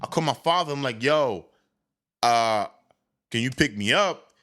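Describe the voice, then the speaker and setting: Candid, bright-voiced young man telling a story. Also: medium pitch, unhurried. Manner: candid, animated, with stammered restarts. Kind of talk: casual comedic storytelling.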